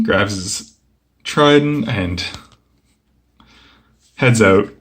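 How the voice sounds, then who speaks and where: A young man casually flipping through a comic book and chatting about each page, relaxed and rambling with lots of fillers. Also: on the low side, slow, pauses often, slight background noise. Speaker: comic book video host.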